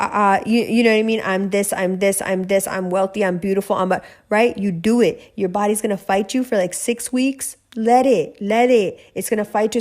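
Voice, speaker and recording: A woman's voice: mid-range voice, a little mellow. Emphatic, swearing woman ranting. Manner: emphatic, profane, preachy, direct. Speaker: podcast host, spiritual reader. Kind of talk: casual ranting monologue.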